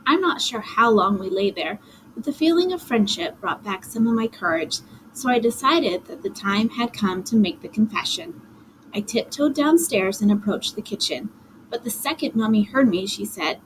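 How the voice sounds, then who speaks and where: A woman with a fairly high voice reads a children's story aloud, telling it in the first person with lively, dramatic energy. A faint hiss sits under the recording. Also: normal speed. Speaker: audiobook narrator. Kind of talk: expressive storybook reading.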